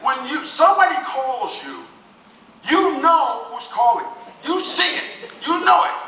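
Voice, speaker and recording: Loud high-voiced older comedian, bright. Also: male voice, wildly swooping pitch, a little slow. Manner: loud punchy delivery, shouting punchlines. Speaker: stand-up comedian. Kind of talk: stand-up comedy set. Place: casino showroom stage. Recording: echoey audience recording from far off. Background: faint crowd laughter.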